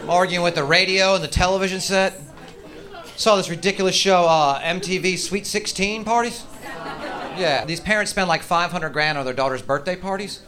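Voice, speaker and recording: A man doing a stand-up comedy routine on stage, ranting in a profane, exaggerated way with sudden shouted outbursts. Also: sits high, moderate pace, a crowd in the background. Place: comedy stage before a live audience.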